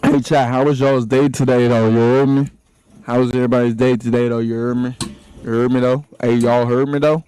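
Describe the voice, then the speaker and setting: A man's voice: mid-range voice, level tone, brisk, warm tone, clear, resonant tone, poor audio. A young man livestreaming, chatting with his viewers in slangy, hyped talk and rapping along to songs on a close desk mic. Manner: slangy, hyped, addresses chat constantly, raps lines between chatter. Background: music playing.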